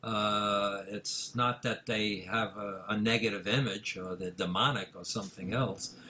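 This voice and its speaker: An older man, a music manager, telling a story in an interview, full of fillers and acting out the dialogue with rising excitement. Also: fairly low pitch, measured pace, slight background noise. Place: office in Manhattan.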